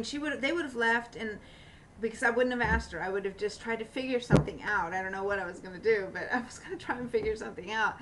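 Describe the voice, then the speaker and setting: A woman telling a long personal story in a casual vlog, rambling with many fillers and restarts and getting animated when she quotes others. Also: a little high, distant mic, a little hiss or hum, low-quality recording. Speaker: vlogger.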